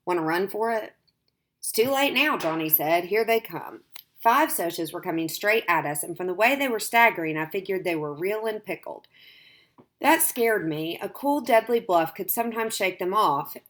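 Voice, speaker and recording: A woman with a fairly low voice reads a novel chapter aloud. She narrates plainly and gives the characters only light touches in her own voice. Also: fairly bright tone. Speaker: teacher reading aloud.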